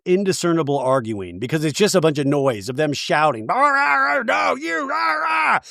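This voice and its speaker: A podcast host with a fairly high voice recaps a reality show in a casual, comic way. He's animated and swears, acting out cast members' lines in exaggerated voices. The studio sound is clean with no room echo.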